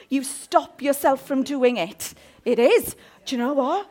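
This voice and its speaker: A woman's voice: high voice, moderate pace. A woman preaching a humorous sermon, often asking her listeners questions. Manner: animated, humorous, asks the audience questions.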